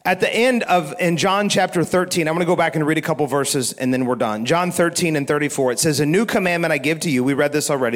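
A middle-aged pastor preaching a sermon, telling stories in a relaxed, conversational way with restarts and chuckles. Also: male voice, a little high. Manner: conversational storytelling with frequent laughs and restarts.

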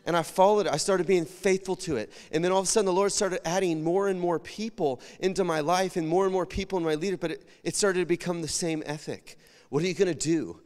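A man preaches with tears close to the surface, his slightly high voice rising into loud pleas and dropping to hushed near whispers. His words ring out in a large church hall with a long, trailing reverb. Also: quick pace. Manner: emotional, swings from loud pleading to near whispers. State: tearful. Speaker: pastor. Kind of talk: sermon.

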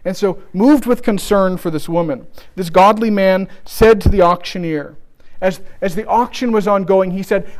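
A man preaching a sermon, telling a story with restarts and slowing down for emphasis. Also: high voice, a little mellow.

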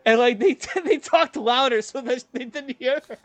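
A young man co-hosting a podcast, telling a workplace story in casual chat, lively and acting out what others said. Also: very high-pitched, normal speed, no echo. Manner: animated, acts out quoted voices, laughs often. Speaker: podcast co-host.

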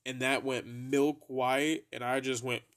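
A young man spins a casual story for his podcast, with a laid-back, profane delivery. He speaks slowly at an ordinary mid-range pitch and keeps laughing at his own story. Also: a bit bright. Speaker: podcast host.

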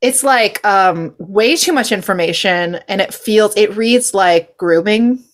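A medium-pitched, measured young woman from California hosts a podcast and tells a meandering story in casual chat. She giggles a lot and leans on fillers and asides.

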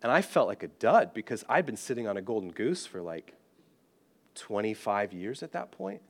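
A British-born man, a pastor, telling a personal story in an animated, self-deprecating and humorous way. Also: fairly low pitch, moderate pace. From Britain. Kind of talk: storytelling sermon.

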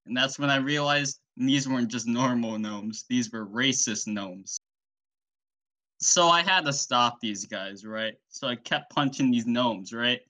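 A young man hosting a podcast solo, telling an absurd story in a rambling, deadpan way. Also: medium pitch, unhurried. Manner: rambling, deadpan, self-interviewing.

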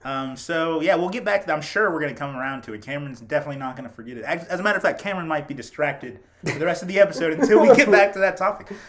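A man's voice: fairly high pitch, expressive, racing, a crowd in the background. A young man hosting a casual podcast chat, telling stories in a chatty, joking way. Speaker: podcast host.

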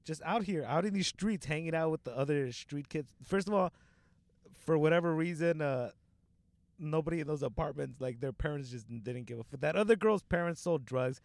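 A man's voice: a little high, fairly quick, vocal fry, dry recording. A young man in casual podcast chat, slangy and profane, filling his talk with "like" and "dude".

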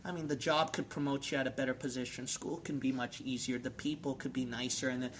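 A man's voice: medium pitch, steady tone, quick pace, slight background noise. A man preaching a sermon and leading an altar call, exhorting his listeners with repeated calls. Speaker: pastor.

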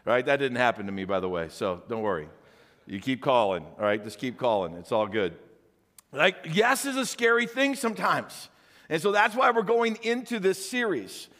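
An older man preaching a sermon as a pastor, talking conversationally with animated rhetorical questions. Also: mid-range voice, moderate pace, big-room sound.

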